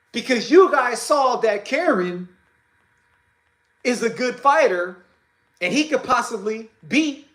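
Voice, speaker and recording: A man hosting a casual boxing livestream, talking haltingly with many fillers and restarts and greeting viewers by name. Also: very high-pitched, a bit bright, reverberant, rough recording. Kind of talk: casual live-stream talk.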